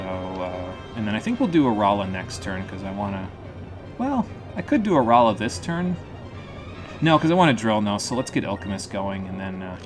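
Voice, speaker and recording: Joking male game streamer, laughing often. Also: on the low side. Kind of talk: live gameplay commentary. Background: faint game music.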